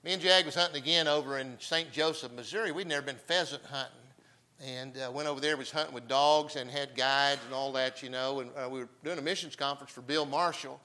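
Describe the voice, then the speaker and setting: Older man, mid pitch, bright tone; folksy storytelling preacher, peppers with "amen.". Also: fairly even intonation, brisk, rough recording. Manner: folksy, chatty, frequent amens.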